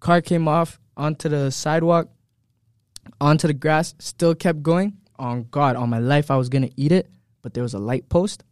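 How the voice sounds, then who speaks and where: A young man telling stories in a casual group chat, animated, slangy and profane. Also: a little high, normal speed, no echo, clean studio sound.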